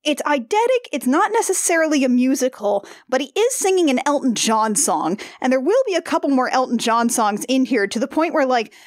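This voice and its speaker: Woman rambling thru a movie recap on a podcast, kinda high voice, dry close sound, gets flustered. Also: big pitch swings, fairly quick, few pauses, no echo. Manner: rambling, flustered, laughing asides. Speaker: podcast co-host. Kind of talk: casual movie recap chat.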